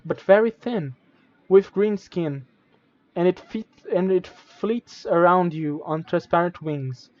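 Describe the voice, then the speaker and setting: Guy streaming and reading a gamebook out loud, stumbles a lot, fairly high voice, dry muffled sound. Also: no echo. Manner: reads with stumbles and self-corrections, casual asides.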